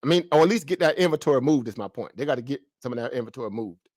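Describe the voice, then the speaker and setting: A man's voice: medium pitch, very fast, no echo, studio quality. A man giving casual stock market commentary, asking himself rhetorical questions and talking in slang. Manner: rhetorical questions, slangy and animated, mimics traders.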